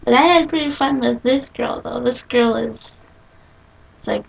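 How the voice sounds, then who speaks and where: A woman's voice: fairly high pitch, a little slow, vocal fry, slightly rough. A young woman chatting casually in a video blog, rambling through stories with lots of giggling and acted-out quotes. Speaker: vlogger. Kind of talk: casual chat. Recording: distant from the mic.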